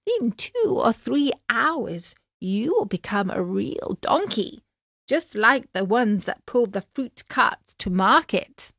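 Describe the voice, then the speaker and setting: Woman voicing a kind little dormouse: soft, sad, slow. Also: a little high, big pitch swings, vocal fry, no echo, studio quality, heavily acted. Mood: gently grave. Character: fat little female dormouse, kind and sorrowful.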